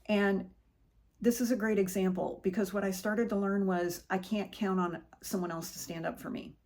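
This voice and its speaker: A woman's voice: mid-range voice, normal speed. Middle-aged woman host, earnest conversational motivational speaker, storytelling tone. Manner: earnest, conversational storytelling with animated quoted voices. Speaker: podcast host. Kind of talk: personal motivational monologue.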